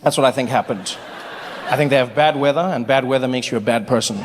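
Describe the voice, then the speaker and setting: A man doing live stand-up comedy in an animated style, often breaking into voices and shouts. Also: medium pitch, fast. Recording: live hall reverb, audience noise.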